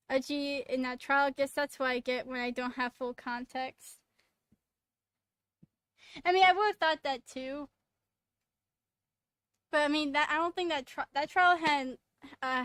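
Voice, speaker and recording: A woman's voice: high voice, fairly bright tone, clear, resonant tone, dry recording. A woman streaming a game, making giggly, rambling side comments between lines. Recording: game music playing under the voice.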